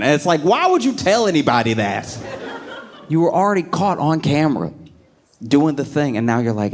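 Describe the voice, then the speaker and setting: Animated male stand-up comedian. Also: a little fast. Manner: animated, jumps into high put-on voices, laughs a lot.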